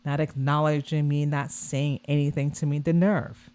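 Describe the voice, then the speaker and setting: A woman vlogger giving casual reaction commentary on a video, animated and scornful, repeating her points. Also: low-pitched, moderate pace, clear, resonant tone.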